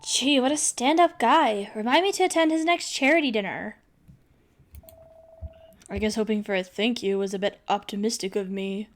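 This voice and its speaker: A woman's voice: mid-range voice, normal speed, close to an everyday voice. A woman voicing a game contestant in a plain, dry-humored reading.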